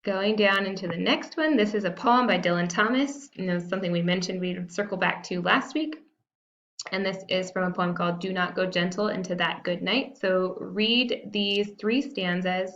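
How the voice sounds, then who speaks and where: A woman's voice: mid-range voice, a bit bright, lo-fi sound. A woman teacher talking students through a recorded lesson in a casual, self-deprecating way, with frequent fillers. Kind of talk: recorded classroom lesson walkthrough.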